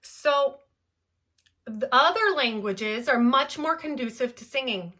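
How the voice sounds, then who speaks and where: A young adult woman from Southern California, a voice teacher speaking in an animated, playful way in a podcast interview. Her voice is bright and forward and sits a little high. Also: slow pace. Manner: animated, playful, demonstrates with gibberish singing sounds. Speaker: voice teacher, guest.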